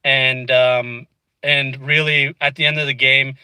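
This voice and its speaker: A man sits in his car telling a story straight to camera, chatty and exasperated, and says "dude" a lot. His voice is bright and forward, with a middling pitch. The sound is dry and close, with no room echo. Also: flat delivery, measured pace, clean tone. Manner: chatty, frustrated, peppered with "dude" and "you know what I mean". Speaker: vlogger. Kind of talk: casual storytelling. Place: inside a car.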